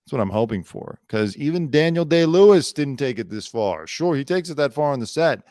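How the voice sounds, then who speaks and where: A man's voice: mid-range voice, animated, a little fast, a little mellow, dry recording. A man hosting a comedy news talk show, mocking the stars with a wisecracking edge and the odd put-on voice. His voice sits in a middle register. It is recorded close and dry, with no room sound. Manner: mocking, slips into impressions of celebrities. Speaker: comedy podcast host. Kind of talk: joking commentary on celebrity news.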